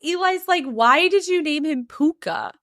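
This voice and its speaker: A woman's voice: sits high, measured pace, dry recording, clean studio sound. A woman podcast host telling a story in casual chat, acting out what each person said. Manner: animated retelling with quoted voices and frequent "like".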